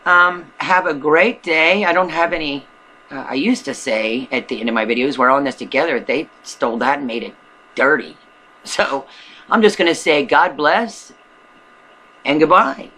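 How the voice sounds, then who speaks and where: A bright, forceful voice rambles through an earnest warning to the camera, doubling back on itself mid-thought. It is a casual video-blog monologue, recorded at home out in the country. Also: medium pitch, moderate pace, rough recording. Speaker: video blogger. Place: rural home in the wilderness.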